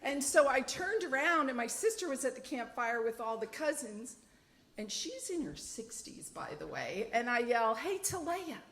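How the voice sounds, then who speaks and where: A woman's voice: fairly high pitch, moderate pace, echoey room. A middle-aged woman from the United States telling a playful story on stage to a live audience. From United States, Dutch-born mother. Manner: animated, playful.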